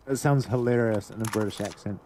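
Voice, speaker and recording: A man who laughs often and talks eagerly and playfully in a casual gaming chat. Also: lowish voice. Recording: clear background noise.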